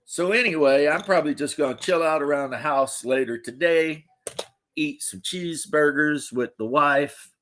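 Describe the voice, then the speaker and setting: A man's voice: a little high, moderate pace, fairly bright tone, slight background noise. A man from the United States hosting a livestream, rambling casually with jokes and swearing. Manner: rambling, profane, joking. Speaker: livestream host. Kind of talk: casual chat.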